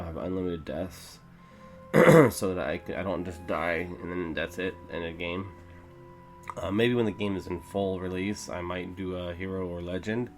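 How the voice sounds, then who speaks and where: Man, very low voice, rambling let's play talk, lots of ums, faint music behind. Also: low-quality recording. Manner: rambling, filler-heavy, self-correcting. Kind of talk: casual gameplay commentary.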